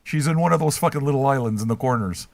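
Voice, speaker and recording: A man's voice: medium pitch, quick pace, no room sound. An older man hosting a livestream, chatting with his viewers in a profane, trolling, rambling way. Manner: brash, trolling, swears constantly. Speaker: livestream host reacting to chat.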